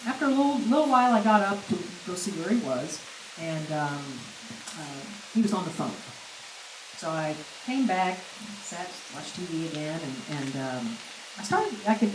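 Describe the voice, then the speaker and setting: An older woman recounting personal memories on stage, halting and full of fillers, with light laughs. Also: deep voice, recorded from a distance. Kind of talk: storytelling on stage. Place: event hall with audience. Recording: echoey room with background noise.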